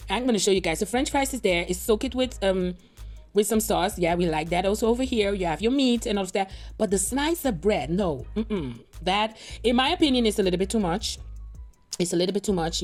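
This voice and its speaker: A woman's voice: medium pitch, darkish tone. A woman hosting a reaction video, chatting casually and rambling straight to her viewers. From Europe.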